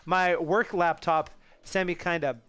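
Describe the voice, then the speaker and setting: A man with a slightly high, smooth voice hosts a relaxed live coding stream. He thinks out loud as he works, wanders into asides and answers chat along the way. Soft music plays faintly behind him. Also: unhurried. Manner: thinks aloud, rambling with restarts and asides to chat.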